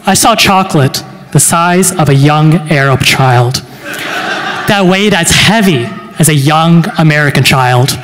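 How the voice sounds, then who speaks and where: A nineteen-year-old man delivers stand-up in a dry, deadpan way, his voice sitting a little high for a man. He leaves small pauses and fillers between jokes. The sound carries a long reverb from a large hall. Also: slight background noise. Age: late teens. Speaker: stand-up comedian. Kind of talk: stand-up comedy set. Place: university event hall.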